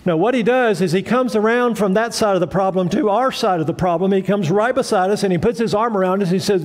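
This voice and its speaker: A male pastor delivering a sermon in a high-pitched voice, conversational yet emphatic. He hammers key phrases through repetition and keeps turning to the congregation with questions. The tone stays direct and earnest throughout. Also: fast, few pauses.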